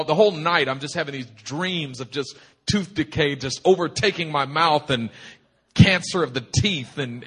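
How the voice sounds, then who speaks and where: Man, pastor, sermon storytelling, animated and humorous, husky, bright tone. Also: fairly high pitch. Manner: animated, humorous, rambling with frequent restarts. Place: retreat meeting hall.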